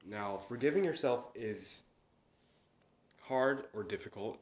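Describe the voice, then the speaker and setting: A man's voice: mid-range voice, lively intonation, slow, a little mellow. A young man hosting a casual solo chat. He rambles, with many fillers and restarts. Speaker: podcast host. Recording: roomy echo.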